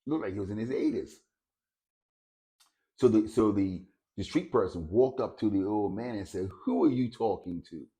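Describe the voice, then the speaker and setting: Hesitant low-voiced male storyteller. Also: normal speed, long pauses, mellow. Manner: hesitant, repeats words while finding them. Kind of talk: casual spoken storytelling.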